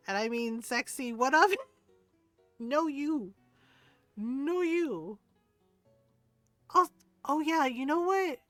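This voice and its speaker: A woman's voice: high-pitched, lively intonation, extremely slow, pauses often, fairly bright tone, no echo, soft background music. A middle-aged woman streamer chatting casually, rambling and laughing often as she talks. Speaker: game streamer. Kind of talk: casual livestream chat.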